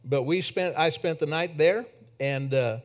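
A man preaching a sermon in church, telling a personal story that swings from emphatic to hushed. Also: a little high, measured pace.

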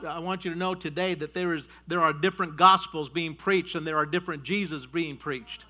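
A man preaching a sermon, emphatic and repetitive, who often calls his listeners folks and swings from loud declarations to quiet asides. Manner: emphatic, repeats key phrases, addresses the congregation as folks; rises loud on declarations, drops low on asides.

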